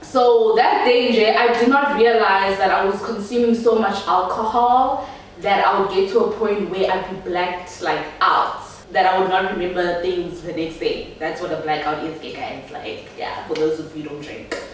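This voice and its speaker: A woman's voice: medium pitch, steady tone, moderate pace, far from the mic. Chatty South African woman, echoey room. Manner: chatty, laughing, talks straight to viewers. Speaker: YouTuber. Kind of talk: storytime vlog.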